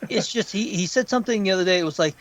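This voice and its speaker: A podcast co-host in casual conversation, this man speaks in a fairly high voice. He talks with animated energy, swears freely and acts out quotes from others. His ranting stays loose and conversational. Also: racing, a little hiss or hum, rough recording. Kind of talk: casual pop culture chat.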